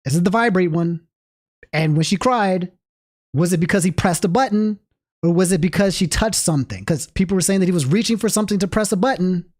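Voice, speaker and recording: A man's voice: high-pitched, a little fast. A man livestreaming and talking casually to his chat, rambling with frequent restarts. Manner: rambling, restarts often, animated asides to chat. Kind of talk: casual stream commentary.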